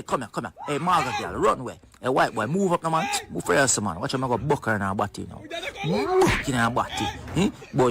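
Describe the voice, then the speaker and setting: A man voicing a comic video voiceover, shouting and teasing. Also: medium pitch, creaky. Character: comic male voiceover yelling at a goat.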